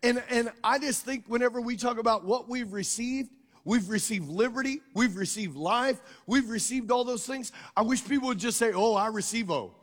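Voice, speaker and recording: A man's voice: very high-pitched, moderate pace. A male pastor from the United States preaching a sermon to his congregation. He reads scripture and tells stories in a conversational way, often asking the congregation to answer aloud. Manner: conversational, jokes and stories mixed with scripture reading. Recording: long hall reverb.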